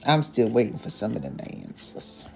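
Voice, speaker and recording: A woman's voice: very deep voice, big pitch swings, normal speed, vocal fry, a little mellow, a little hiss or hum. A woman hosting a casual live stream as an astrologer, talking to viewers in a sassy, motherly way and scolding and teasing them as their elder mama. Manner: sassy, motherly, calls viewers "babies" and "y'all", scolds and teases; talks as an elder mama persona. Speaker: livestream host and astrologer.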